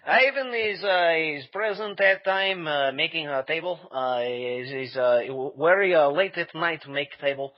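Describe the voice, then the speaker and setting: A man's voice: fairly high pitch, a little slow, few pauses, lightly acted. A man voicing a cheerful Russian character with a put-on Russian accent and broken English, in slightly muffled podcast audio.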